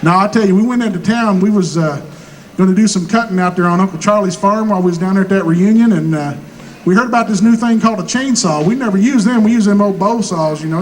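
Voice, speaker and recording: A high-voiced man with a rural Southern American drawl spins folksy hillbilly yarns on stage, voicing each character himself and dropping punchlines deadpan. A faint hum of live-room ambience sits underneath him. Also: rough recording. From Missouri. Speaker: stand-up comedian. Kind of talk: stand-up comedy storytelling.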